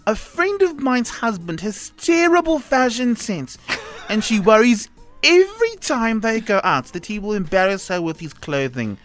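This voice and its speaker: A man's voice: high-pitched, wildly swooping pitch, measured pace, fairly bright tone, full character voice. Man doing a fussy granny of seventy-six. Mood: prim, fussy. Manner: fussy, demanding, giggly. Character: prim 76-year-old widowed granny, picky about men. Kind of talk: radio show read-aloud.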